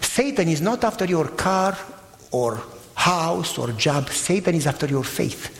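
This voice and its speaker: Animated high-voiced male preacher in a hall. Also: measured pace, gravelly, a little hiss or hum. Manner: animated, acts out voices, emphatic. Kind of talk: sermon with dramatic storytelling. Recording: long reverb of a large hall.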